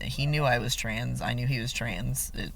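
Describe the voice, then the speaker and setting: A young man with a bright, forceful voice tells a personal story straight to camera. His delivery is frank and frustrated, full of swearing and little ums as he vents. His pitch sits right in the middle for a man. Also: steady tone, normal speed, gravelly. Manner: blunt and heavily profane. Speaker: vlogger. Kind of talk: candid personal vlog.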